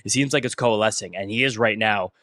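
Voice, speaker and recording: Young new guy on a podcast, quick and bright, dry close mic. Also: fairly low pitch, no room sound. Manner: fast, analytical, stat-heavy. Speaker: podcast co-host. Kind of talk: casual sports talk.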